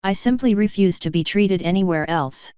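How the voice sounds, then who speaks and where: A woman's voice: mid-range voice, moderate pace, warm tone, smooth, dry recording, highs cut off, lightly acted. A woman reading the part of a haughty, self-important stallion noble who makes demands. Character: pompous haughty stallion noble, male adult.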